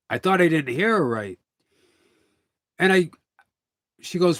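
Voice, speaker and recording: A man's voice: fairly high pitch, expressive, slow pace, creaky, pauses often, a bit bright, dry recording, clean studio sound. Rambling middle-aged man on a livestream. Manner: rambling storytelling with quoted dialogue. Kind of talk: casual livestream chat.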